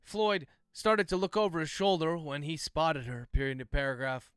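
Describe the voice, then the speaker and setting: A man, an author, dictating his thriller aloud at a steady, methodical pace, speaking the punctuation marks. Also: a little high, normal speed, smooth, no echo, studio quality. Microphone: close livestream microphone.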